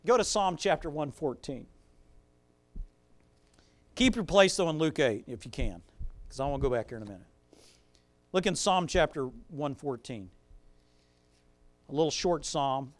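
A pastor preaching a sermon, reading scripture and swelling into loud, emphatic preaching with conversational asides. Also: male voice, fairly high pitch, expressive, moderate pace, pauses often. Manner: conversational asides with fillers and restarts.

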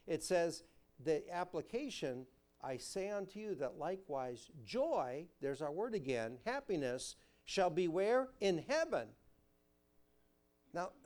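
Animated preaching man, slightly high voice. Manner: animated preaching, rising and dropping emphasis, asks the congregation questions. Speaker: pastor. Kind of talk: sermon. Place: church sanctuary.

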